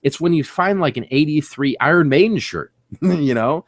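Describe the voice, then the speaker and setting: A middle-aged man hosting a casual livestream, telling excited stories with laughter and acted-out reactions. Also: a little high, moderate pace, no room sound. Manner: laughs often, swears casually. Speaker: livestream host.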